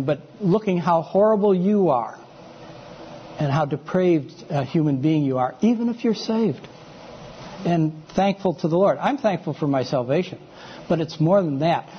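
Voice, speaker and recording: High-voiced man teaching from the pulpit. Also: lo-fi sound, slight background noise. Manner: conversational, checks in with listeners. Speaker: preacher. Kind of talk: sermon-style teaching lecture.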